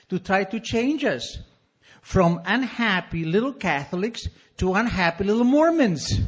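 Husky Argentine-accented storyteller, animated and wry. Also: male voice, high-pitched. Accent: Argentine Spanish. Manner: animated, self-mocking, wry asides. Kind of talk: live storytelling to an audience.

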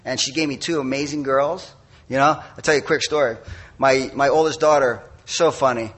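A middle-aged man shares his recovery story at a meeting. His voice is husky and sits at an ordinary pitch. He speaks candidly and mocks himself, with quick asides. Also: fairly even intonation, fairly bright tone. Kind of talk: personal testimony talk.

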